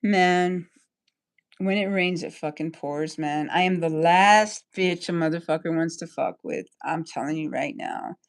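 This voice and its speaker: A woman's voice: fairly low pitch, unhurried. A woman livestreaming an angry, rambling rant, full of profanity.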